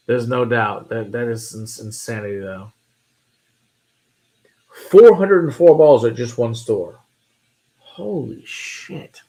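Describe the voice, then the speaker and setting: A man from Texas with a Texan accent, co-hosting a whiskey show in relaxed, joking chat and swearing freely. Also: medium pitch, measured pace, long pauses. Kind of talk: casual chat.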